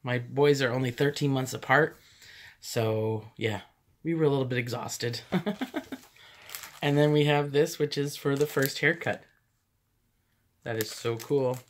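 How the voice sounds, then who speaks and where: A woman's voice: rumbling low, steady tone, a little slow, long pauses. A woman chatting casually through a thrift haul, rambling into stories and laughing often. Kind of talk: casual haul vlog chat.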